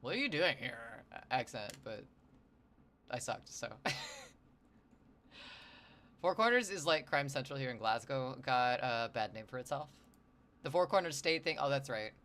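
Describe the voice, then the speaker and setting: A man's voice: medium pitch, lively intonation, unhurried, pauses often, fairly bright tone. A man streaming his drawing session, rambling and joking with his chat. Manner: rambling, jokey, talks to chat. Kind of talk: casual livestream chat while sketching.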